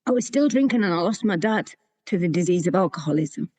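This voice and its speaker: A woman's voice: on the low side, expressive, fast talker, a little mellow, no room sound. Candid woman sharing her story. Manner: candid, plain-spoken, with frequent restarts. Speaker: recovery meeting speaker. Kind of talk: sharing a personal recovery story.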